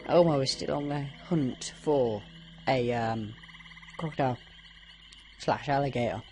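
A woman's voice: very deep voice, a little slow, a little mellow, slight background noise. A woman commenting casually on a game playthrough, chatty and rambling, her voice a little strained. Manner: chatty, rambling, with many fillers. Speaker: gameplay commentator.

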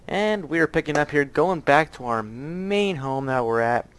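A man's voice: on the high side, expressive, moderate pace, clean tone. A man with a light Southern US accent hosting casual gameplay commentary, rambling and thinking aloud, often muttering to himself. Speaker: gaming channel host.

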